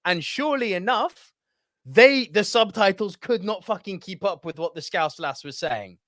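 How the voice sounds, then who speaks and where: A posh English man co-hosting a podcast, his pitch sitting fairly high and swinging widely as he talks. He is theatrical and quick to laugh at himself. The sound is close and dry. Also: expressive, a bit bright, no room sound. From Britain. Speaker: podcast co-host. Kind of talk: casual chat.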